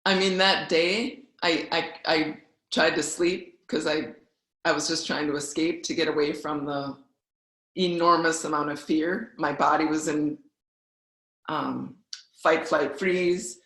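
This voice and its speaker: A woman's voice: sits low, fairly even intonation, measured pace, a bit bright. A woman in her forties, from the US Midwest, telling her personal story as a guest speaker in a candid, conversational way. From Wisconsin, US Midwest. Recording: roomy echo.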